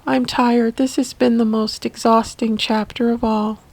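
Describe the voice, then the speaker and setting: Woman, memoir narration, emotional, halting, fairly high voice, dry close sound. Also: level tone, darkish tone, no echo, rough recording. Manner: emotional, halting, repeats words. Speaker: family caregiver.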